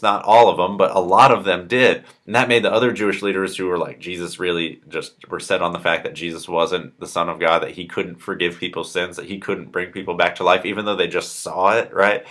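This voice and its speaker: A man's voice: sits low, fairly bright tone. A young adult man retelling a Bible story to young listeners in a casual, chatty way, full of "like" and "right?" and acted-out quotes.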